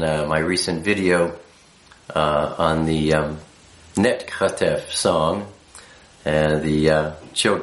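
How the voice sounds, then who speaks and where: A man with a deep voice explains things at a slow, patient pace. His delivery halts often and is full of fillers. The sound is roomy and echoey. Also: fairly bright tone. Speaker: teacher of Hebrew letters. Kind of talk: unscripted teaching talk.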